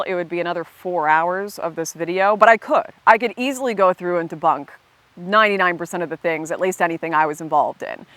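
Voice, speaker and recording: A woman talks straight to camera in a casual commentary, blunt and animated, laughing often. Her voice sits a little low for a woman. The sound is close and dry, with no room around it. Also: no echo. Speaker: video commentator.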